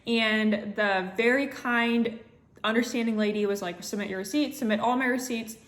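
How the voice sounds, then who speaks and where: A young woman from the United States vlogging casually, recounting a travel day in a chatty, animated way with lots of filler words. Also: a little high, moderate pace. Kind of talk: casual storytelling vlog.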